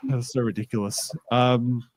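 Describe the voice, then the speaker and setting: A podcast co-host tells a tabletop game story in casual chat, animatedly acting out the quoted lines. His voice is medium in pitch at normal speed, recorded dry.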